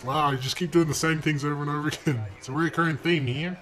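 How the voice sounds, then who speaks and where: At home in front of a desk mic, a young gaming channel host talks fast in a steady, slightly high voice. His gameplay commentary is profane, crude, and sarcastic, aimed at other drivers, and he bursts into sudden loud shouting.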